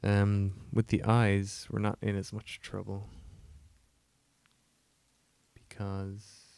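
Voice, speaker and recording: Croaky low-voiced man livestreaming code. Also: monotone, slow pace, a little mellow, no room sound. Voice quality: gravelly, lower than usual. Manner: rambling, self-deprecating, many fillers. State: croaky, getting a cold, yawning. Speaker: indie game developer streaming his work. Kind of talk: casual livestream commentary while coding. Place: home room, cold.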